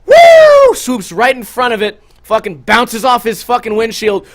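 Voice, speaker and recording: A man's voice: high voice, normal speed. A young man vlogging, telling stories casually with lots of swearing and sound effects. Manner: animated, profane, with sound effects. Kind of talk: casual storytelling to camera.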